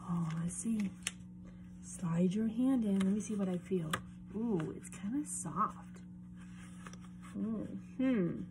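A young woman reading a picture book aloud to children, animated and often dropping into a whisper. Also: mid-range voice, takes it slowly, pauses often, background noise. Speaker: storyteller.

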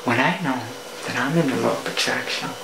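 A woman's voice: extremely low pitch, fairly quick, echoey room, noisy background. A woman, a cooking show host, telling a playful story in a casual vlog monologue. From Puerto Rico.

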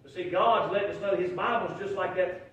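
A male pastor, preaching a folksy sermon that swells into shouted emphasis. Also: sits high, fairly quick, dull audio. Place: church sanctuary. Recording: very echoey room, from far off.

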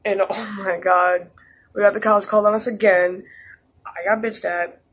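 A teen boy's high-pitched, slightly bright voice has a breathy edge and flat delivery at normal speed. He's vlogging a casual storytime, rambling, restarting, and saying "like" a lot.

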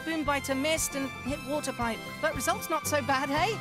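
A woman's voice: high-pitched, normal speed, close to an everyday voice. A woman voicing a small, cheerful male creature inventor in a video game, talking in broken grammar. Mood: chirpy. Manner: broken grammar, skips little words, chirpy. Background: loud game music.

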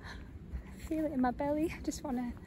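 A woman's voice: high-pitched, fairly even intonation, normal speed, background noise. Giggly young woman vlogging outdoors. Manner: giggly, dreamy and delighted, laughs often. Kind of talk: casual outdoor vlog. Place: outdoors by a pond in abbey grounds. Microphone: phone.

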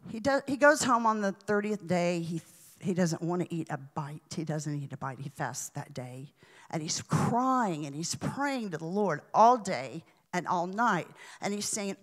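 A woman preacher telling a story in a sermon, dramatic, with sudden hushes and swells. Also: lowish voice, lively intonation, measured pace.

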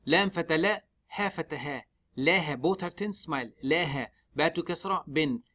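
Bright, fairly high man's voice, patiently teaching Quran pronunciation in a mosque. He spells each letter and vowel on its own, then chants the verse slowly and stretches it out. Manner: slow, drawn-out chanting when reciting. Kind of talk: step-by-step tajweed lesson.

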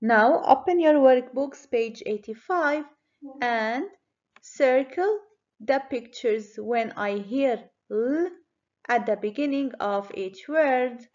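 A woman teacher giving a children's phonics lesson, speaking clearly and encouragingly. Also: high voice, lively intonation, darkish tone, muffled recording. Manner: slow, clear, encouraging classroom delivery.

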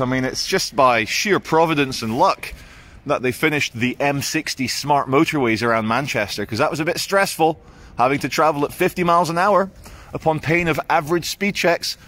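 A man filming a casual walking vlog on city streets outdoors at dawn with a handheld phone, telling stories in an animated, chatty way. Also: mid-range voice. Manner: chatty, animated storytelling with quoted voices. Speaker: vlogger. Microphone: handheld phone camera.

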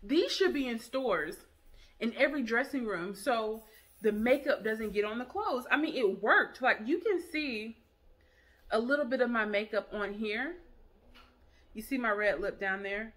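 A woman's voice: on the high side, animated, a little slow, a bit bright. A woman hosting a casual product review vlog, chatty and enthusiastic, talking straight to her viewers.

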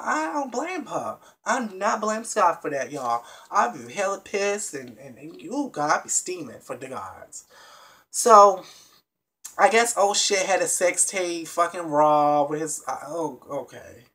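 A vlogger recapping a reality TV episode in a casual, animated and blunt way, with plenty of swearing, talking straight to the viewers. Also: medium pitch, unhurried. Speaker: TV show reviewer.

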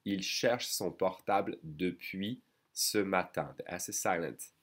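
A man teaching a lesson in English, explaining patiently and repeating phrases slowly while checking in with "okay?" and "d'accord?". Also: deep voice. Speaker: French teacher. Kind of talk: online language lesson.

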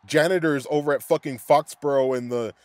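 A man's voice: a little high, fairly even intonation, brisk, no room sound. A young man giving a profane, scatterbrained fan rant, angry and swearing constantly. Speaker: sports fan podcaster.

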